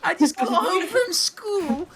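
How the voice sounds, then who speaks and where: Shrill whiny kid begging his mom, put on by a man, shouting, voice-chat recording with chatter behind. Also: very animated, takes it slowly, full character voice. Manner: shrill, shouting through laughter. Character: whiny young boy begging his mother.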